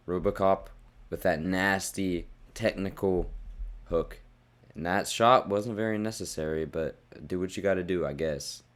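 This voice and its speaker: A young man with a low voice tears through a casual fight recap, blunt and profane. He gets heated and loud at times, and his voice sounds a bit worn from shouting. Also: unhurried. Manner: blunt, profane, worked-up rants. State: losing his voice. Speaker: fight reviewer.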